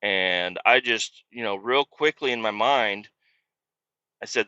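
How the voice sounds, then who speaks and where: A man's voice: lowish voice, slow, sharp tone, dry recording, dull audio. A man hosting a podcast, telling a story in a casual, profane, rambling way and poking fun at himself. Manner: profane, rambling, self-mocking. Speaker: podcast host.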